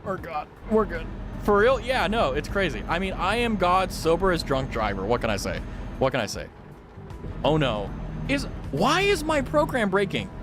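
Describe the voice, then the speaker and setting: A man's voice: a little high, moderate pace, music in the background. A man streaming a trucking game, chatting to his viewers, laughing and yelping when things go wrong. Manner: excitable, laughing, yelps at glitches, talks to chat. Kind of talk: casual game stream chat.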